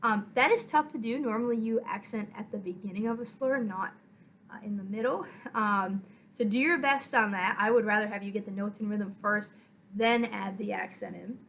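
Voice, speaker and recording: A woman violin teacher giving a patient, step-by-step lesson, counting beats aloud and filling pauses with "uh" and "um". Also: mid-range voice, gravelly, a bit bright, a little hiss or hum, rough recording. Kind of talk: online music lesson.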